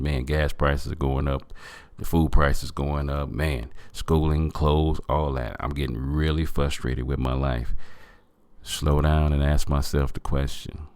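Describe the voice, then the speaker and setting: Very deep-voiced man giving a motivational talk. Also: a little mellow, no room sound. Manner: earnest, preachy, addresses listeners as family. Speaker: podcast host.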